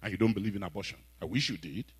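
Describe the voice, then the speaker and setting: A man with a Nigerian accent preaching a sermon, telling stories and breaking into sudden loud exhortations. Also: lowish voice, rapid-fire, slightly rough, no room sound, rough recording.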